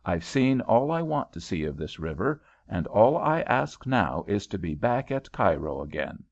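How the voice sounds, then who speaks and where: A man's voice: lowish voice, very animated, normal speed, a little mellow. A nervous older American aunt, read by a man, fretful and folksy. Her lines rise and fall a lot, and the recording sounds dull and lo-fi.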